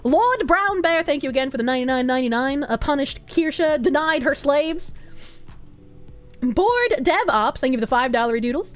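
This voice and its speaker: A woman streamer in casual chat, reading out donations with giggly laughs, loud outbursts and swearing. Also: high voice, animated, moderate pace. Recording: faint music behind voice.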